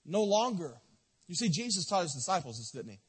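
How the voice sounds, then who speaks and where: A man preaching a sermon in a church, impassioned, swinging from loud to soft. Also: high-pitched, very animated, brisk, slightly rough. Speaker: pastor. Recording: long reverb of a church hall.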